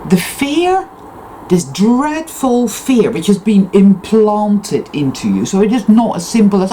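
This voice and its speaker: A woman's voice: medium pitch, sing-song, a little slow, warm tone, a little hiss or hum, poor audio. A woman in an unscripted personal monologue, speaking intensely and emphatically, often swearing. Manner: emphatic, intense and profane self-affirmation. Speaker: spiritual vlogger.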